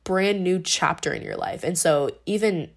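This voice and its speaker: A woman's voice: lowish voice, normal speed. A young woman hosting a podcast, talking through her thoughts in a casual, rambling monologue with lots of fillers and restarts. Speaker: podcast host.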